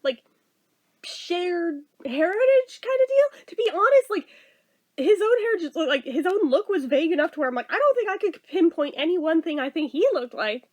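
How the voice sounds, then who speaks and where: A woman's voice: extremely high pitch, very animated, normal speed. A woman in her thirties telling a story in a casual vlog, chatty and exasperated, swearing and laughing as she goes. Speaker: vlogger.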